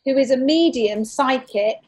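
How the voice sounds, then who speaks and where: A woman in her fifties from northern England, a podcast host chatting in a cheeky, animated storytelling way. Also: high-pitched, a little slow. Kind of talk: casual chat.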